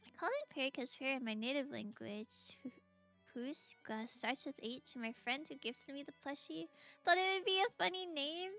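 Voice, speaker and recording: A young woman with a high-pitched, sharp voice streams a game at normal speed, chatting casually and reacting to her viewers. She gushes and giggles often over soft background music.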